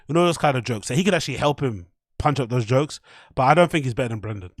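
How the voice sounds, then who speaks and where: A man's voice: mid-range voice, animated, fast talker, no room sound, clean studio sound. A British man hosting a livestream reaction show, talking bluntly and rambling, with frequent swearing. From United Kingdom. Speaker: livestream host.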